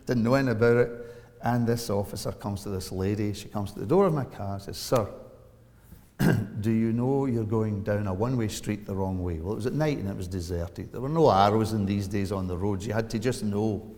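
Scottish pastor, forties, animated storyteller, long church echo. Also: male voice. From Scotland. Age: 40s. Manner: storytelling with big swings of pitch and volume. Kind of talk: sermon.

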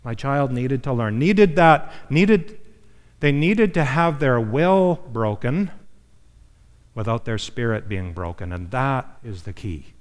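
A man's voice: mid-range voice, animated, takes it slowly. Man preaching a sermon in an echoing hall. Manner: conversational preaching with frequent "my friends" and "okay?". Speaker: pastor. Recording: long hall reverb.

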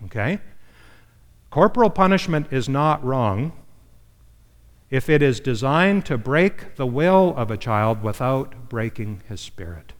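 A pastor delivering a sermon in a plain, mid-pitched man's voice, talking to his listeners in a casual way. He keeps checking in with "okay?" and "my friends". The sound carries a long reverb, as in a large hall. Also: expressive, measured pace. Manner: conversational preaching with frequent "my friends" and "okay?".

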